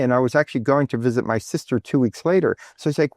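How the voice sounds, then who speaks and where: Man, 50s, interview guest; mid-pitched, dry close-miked sound, chatty and halting. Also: no echo. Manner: animated, acts out quoted speech with lifted pitch; halting, many fillers and restarts. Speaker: guest artist. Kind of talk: casual interview storytelling.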